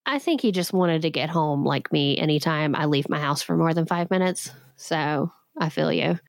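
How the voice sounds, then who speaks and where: A woman's voice: deep voice, normal speed, gravelly, no room sound, clean studio sound. A woman in her thirties hosting a podcast, retelling a legend with sarcastic comic asides and frequent laughs. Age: 30s. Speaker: podcast host.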